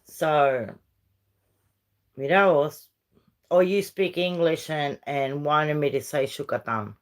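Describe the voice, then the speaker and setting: Slow-talking woman. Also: deep voice. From Uruguay. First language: Spanish. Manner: rambling and chatty, switching between English and Spanish. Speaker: livestream host chatting with viewers. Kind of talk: casual live-stream chat.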